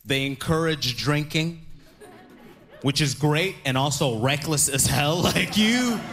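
Young man in his stand-up set, a fairly high voice, animated delivery with quoted characters. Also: slow pace. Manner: animated, acts out quoted voices, laughs through lines. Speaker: stand-up comedian.

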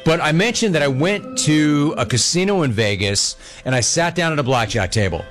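A man hosts a sports talk show, riffing casually and throwing himself into a story. His pitch swings widely as he slips into the voices of other people, and faint music plays under him. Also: expressive, fairly bright tone. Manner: fast talking, acts out other people's voices in quotes. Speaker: sports talk radio host. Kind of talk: animated casual storytelling monologue.

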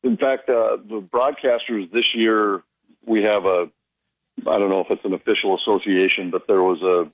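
A hockey broadcaster talks shop on the radio, spinning stories and perking up whenever he quotes someone. His voice is a bit husky and the studio sound is dry and slightly dull. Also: fairly low pitch, normal speed, dry recording. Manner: storytelling, animated when quoting people. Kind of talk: casual radio chat.

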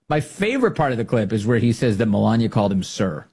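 A man's voice: fairly low pitch, big pitch swings, warm tone, husky. A man hosting a political podcast, talking casually and mockingly with frequent laughs. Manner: mocking, laughs often, quick asides.

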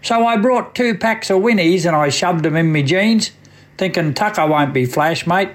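High-voiced Australian man reciting bush verse. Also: moderate pace. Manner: wry, yarn-spinning storyteller. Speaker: radio poet. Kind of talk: reciting a comic bush poem.

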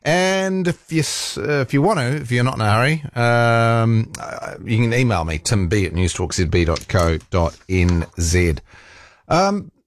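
A man's voice: medium pitch, expressive, measured pace. A man with a New Zealand accent hosting a talk radio show, chatting casually and rambling with fillers and restarts. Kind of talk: casual talkback chat. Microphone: studio microphone.

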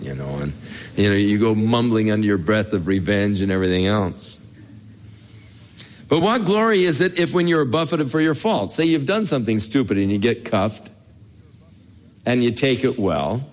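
Older man, pastor; folksy conversational sermon, animated rise and fall, chuckly storyteller. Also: lowish voice, moderate pace. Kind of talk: conversational Bible teaching sermon.

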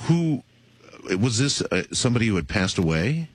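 A man's voice: on the low side, very animated, moderate pace, a little hiss or hum. A man hosting a radio interview, asking probing, skeptical questions. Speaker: radio host.

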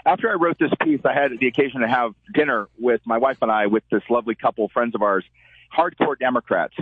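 A man, a columnist guest, telling stories in an animated way and acting out the quotes he tells. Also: medium pitch, fast talker, husky, dry recording. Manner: animated storyteller, acts out quotes. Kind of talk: call-in commentary. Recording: tinny phone line.

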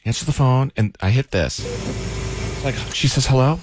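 A man hosting a morning radio show, telling a story in an animated way and acting out the voices in it. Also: mid-range voice, normal speed. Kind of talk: casual radio banter. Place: radio studio.

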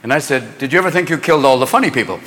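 A man performing a stand-up comedy set, leaping between loud impressions and rapid voices. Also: mid-range voice, lively intonation, heavy background noise. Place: large theater with live audience. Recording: live hall recording with crowd.

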